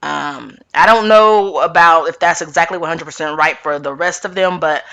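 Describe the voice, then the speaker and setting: A woman chatting through a reality TV recap in a sassy, animated way, talking straight to her viewers. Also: sits low, moderate pace.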